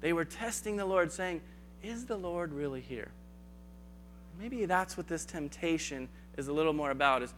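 A man's voice: a little high, lively intonation, normal speed, fairly bright tone, soft background music. A man giving a conversational sermon, acting out biblical dialogue in casual asides. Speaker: preacher.

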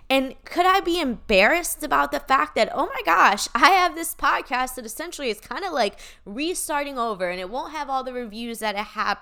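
A woman's voice: high-pitched, sharp tone. A woman hosting her podcast as an unscripted motivational live chat, emphatic, swearing freely and tagging her points with "right?". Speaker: podcast host.

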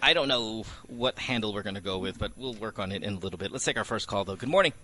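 A man's voice: lowish voice, fast talker, sharp tone. A middle-aged man hosting a morning radio show, joking and teasing his co-host and mixing in Tagalog words.

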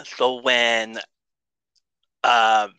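A man tells a rambling, excitable story as a podcast guest, swearing freely and restarting his sentences. His voice is very bright and sharp. The recording is close and dry. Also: medium pitch, extremely slow, clear, resonant tone, dry recording, low-quality recording. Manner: excitable, profane, with frequent restarts. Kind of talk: casual storytelling.

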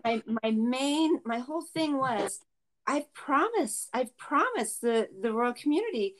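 A woman's voice: high-pitched, lively intonation, unhurried, poor audio. Mom host talking to her viewers, stops and restarts a lot, earnest. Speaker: channel host, mother. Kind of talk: casual chat to viewers.

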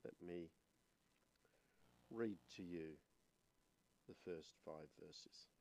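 Hoarse older man preaching slowly. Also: low-pitched, dark tone. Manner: measured, hesitant with fillers. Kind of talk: sermon with scripture reading and prayer. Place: church.

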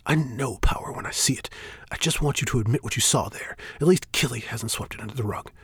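A man's voice: mid-range voice, quick pace, a bit bright, slightly rough, dry recording, voice pushed up. A man voicing an agitated, defiant male priest who argues heatedly and slips into raised whispers. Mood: heated defiance.

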